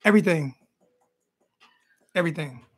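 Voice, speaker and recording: A man's voice: a little high, normal speed, fairly bright tone, slightly rough. A man hosting a casual sports talk show, loose and joking, often repeating his phrases. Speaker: host. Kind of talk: casual call-in chat.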